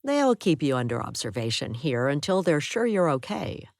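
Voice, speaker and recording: A woman reading an audiobook voices a calm, practical nurse who speaks in a matter-of-fact way. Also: sits low, moderate pace, gravelly, no echo, clean studio sound, exaggerated voice.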